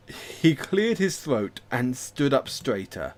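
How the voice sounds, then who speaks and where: A man streaming himself reading a story game aloud, narrating in an expressive way with self-mocking asides. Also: mid-range voice, slow pace.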